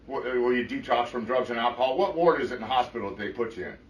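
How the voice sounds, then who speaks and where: A man's voice: mid-range voice, fast. A middle-aged man giving a blunt, profane personal testimony to a recovery group, often checking in with his listeners. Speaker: recovery meeting speaker. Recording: echoey room, mic from far off.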